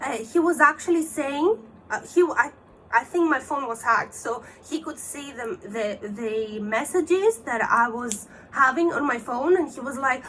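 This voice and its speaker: A woman with a high voice recounts a scam call to her viewers. She talks in an agitated rush and acts out the callers' lines and her own replies. A faint background ambience sits under her voice. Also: expressive, moderate pace, a bit bright, slight background noise, low-quality recording. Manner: agitated, retelling scam calls with quoted dialogue. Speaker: vlogger. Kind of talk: telling a personal story to camera.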